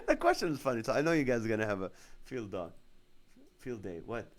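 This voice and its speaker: A man's voice: medium pitch, sing-song, quick pace. A male comedian hosting a casual live stream, reading viewer comments aloud and laughing often. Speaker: comedian host of a live show.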